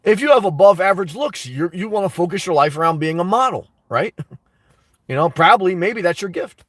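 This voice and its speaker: A man's voice: high-pitched, animated, brisk, a bit bright, no echo, distant mic. A man hosting a casual live stream, answering viewer comments in an emphatic way that repeats his points and breaks into laughter between remarks. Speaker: YouTube host answering live chat.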